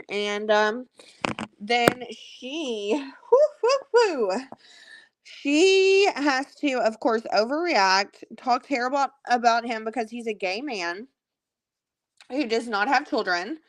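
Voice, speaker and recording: Woman, casual livestream gossip host, slow, rambling, swears freely, close dry phone audio. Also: medium pitch, fairly bright tone, dry recording. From Kentucky.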